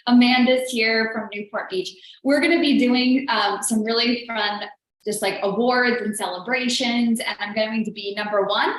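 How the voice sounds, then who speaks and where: Earnest woman coach in an echoey room. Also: mid-range voice. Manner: chatty and earnest, heavy use of "like". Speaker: business coach hosting a live show. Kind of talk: motivational live-stream talk.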